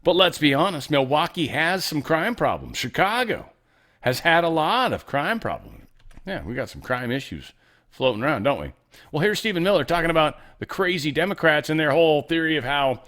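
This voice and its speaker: A man hosting a news commentary show, in animated, jokey talk that swings between loud remarks and soft asides. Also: a little high, moderate pace. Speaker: show host.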